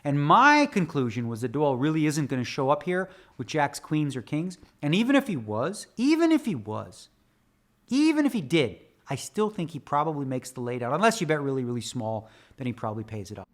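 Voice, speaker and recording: A man walks through his own poker hands like a teacher, always turning back to the viewer with another question. His voice sits slightly high and swings widely in pitch, lively and conversational. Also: a little fast, few pauses. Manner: quizzes viewers with rhetorical questions. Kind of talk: spoken hand-analysis lesson.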